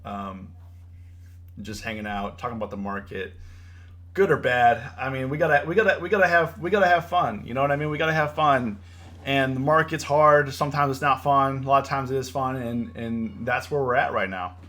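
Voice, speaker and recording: Fairly quick and medium-pitched, this young male host of a live trading stream gives casual commentary that turns into animated lecturing. He's preachy, repeats himself often, and drops "bro" and "you know" throughout.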